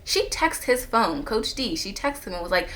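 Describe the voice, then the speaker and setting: Speaking straight into a camera on a stand, a woman vlogger tells a personal story in a casual storytime monologue at moderate pace. Her retelling is animated, with her pitch jumping up whenever she quotes herself or others.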